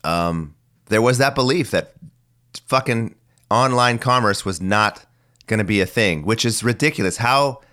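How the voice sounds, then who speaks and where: Forties male host, very low and phlegmy, rambling solo talker with some cursing. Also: expressive, a little slow, bright, forceful tone. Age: 40s. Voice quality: phlegmy voice that cracks. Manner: rambling, musing, mildly profane. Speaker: podcast host. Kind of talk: casual solo monologue.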